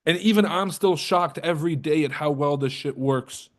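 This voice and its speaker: A man's voice: on the high side, moderate pace. A man hosting a trading livestream in casual, profane, joking talk, roasting and teasing his viewers. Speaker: trading coach and livestream host.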